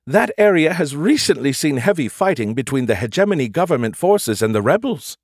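A man voicing a polite, motherly female ship AI who gently teases and calls people dear. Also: on the high side, big pitch swings, fairly quick, breathy edge, no echo, clean studio sound, pitched above the performer's own voice, full character voice. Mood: prim and polite.

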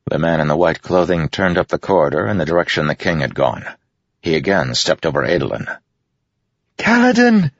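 A man narrating a fantasy audiobook in a measured, dramatic reading. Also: a bass voice, no room sound, highs cut off. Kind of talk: scripted narration.

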